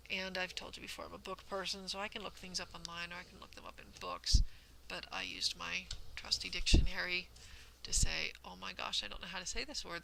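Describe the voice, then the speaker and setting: A woman with a heavily gravelly, fry-laden voice talks through her hobby in a casual vlog. She explains things patiently and carefully, poking fun at herself along the way. Her pitch sits in a middle range, and faint noise runs under the recording. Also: low-quality recording. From United States. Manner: careful, explanatory, self-deprecating. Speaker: host of a cross-stitch vlog.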